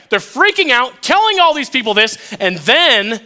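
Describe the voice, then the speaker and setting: A man's voice: extremely high pitch, fairly quick, hardly any pauses. A man preaching a casual, conversational sermon as a youth pastor, joking with his listeners and acting out the stories. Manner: animated and jokey, acts out quotes, addresses listeners as "you guys".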